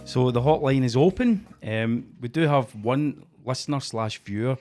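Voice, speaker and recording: A Scottish man in his own home studio, hosting a loose comedy podcast. He talks in an easy, chatty way and laughs often. His voice sits at an ordinary middle pitch. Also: animated, normal speed, darkish tone, faint music behind. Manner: chatty, laughs often, upbeat caller intros. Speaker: podcast host. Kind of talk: casual comedy podcast chat.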